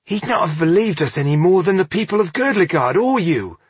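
A man voicing a proud, defiant young woman apprentice of magic in an audiobook, pushing his voice high and tense to play her. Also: very animated, fairly quick, breathy edge, dry recording, heavily acted. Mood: pleading.

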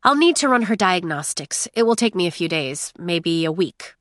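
A woman's voice: lowish voice, very animated, normal speed, fairly bright tone, no room sound, clean studio sound. A woman voicing a young female mechanic in an audiobook, wry and matter-of-fact.

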